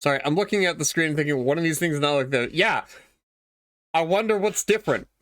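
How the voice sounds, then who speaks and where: A man's voice: on the high side, animated, brisk, a bit bright, no room sound. A man streaming himself reading a visual novel aloud, chatty, swearing casually and reacting to the story.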